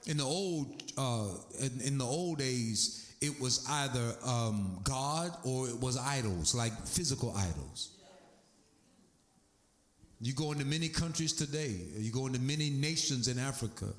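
A man's voice: mid-range voice, measured pace. A man preaching a sermon as pastor, emphatic, with sweeping swings in his delivery. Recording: echoey room.

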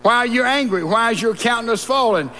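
A man's voice: very high voice, lively intonation, fairly quick, sharp tone, voice pushed up, exaggerated voice. A man voicing God as a stern but caring divine figure, in a raised, declaring tone. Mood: proud, questioning. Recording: long reverb and mains hum in a church.

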